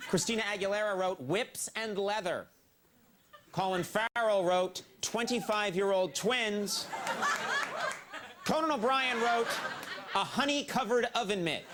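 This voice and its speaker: A man's voice: high voice, animated, slow pace, over a noisy crowd, very noisy. A man in his forties hosting a late-night show, reading mock survey answers with wry, mock-serious punchlines. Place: TV studio stage before a live audience. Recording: TV broadcast with loud audience laughter. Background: studio audience laughing.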